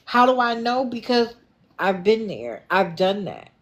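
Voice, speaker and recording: A middle-aged woman hosting a livestream, giving casual, sassy commentary and answering her chat in an animated way. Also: medium pitch, measured pace. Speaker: livestream host.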